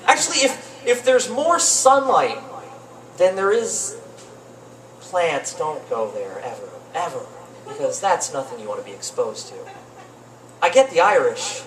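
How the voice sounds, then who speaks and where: Lively young man doing open-mic stand-up. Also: on the high side, a little slow. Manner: rambling, deadpan asides, lively swings into mock voices. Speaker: stand-up comedian. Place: cafe open-mic stage. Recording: roomy cafe with faint noise, distant mic.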